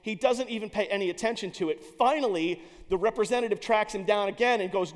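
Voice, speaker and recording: A man telling a story in an animated, emphatic way, with some restarts. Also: high-pitched, quick pace, hardly any pauses. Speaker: speaker. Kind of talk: storytelling speech. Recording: long hall reverb.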